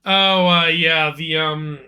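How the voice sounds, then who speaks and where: A man's voice: a little high, steady tone, takes it slowly, bright, forceful tone, clean tone. A man hosting a casual podcast chat, laughing often and restarting his sentences. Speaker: podcast host.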